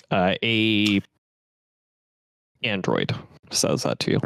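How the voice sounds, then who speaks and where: Low-voiced man running a tabletop game. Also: a little slow, no room sound, clean studio sound. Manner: casual, relaxed scene-setting with fillers. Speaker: game master.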